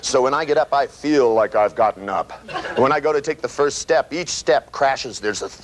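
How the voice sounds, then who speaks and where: A man giving a live seminar lecture, animated and profane, acting out voices and sound effects as he teaches. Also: medium pitch, moderate pace. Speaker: seminar trainer. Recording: noisy live seminar recording.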